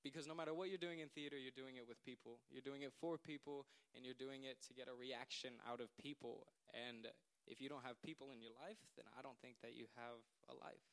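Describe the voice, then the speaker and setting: Bright, clear-voiced young man speaking earnestly. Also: medium pitch, fairly even intonation, brisk, few pauses. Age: late teens. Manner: earnest, rambling, laughing at himself. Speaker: young man giving a thank-you speech. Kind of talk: heartfelt speech to a gathering.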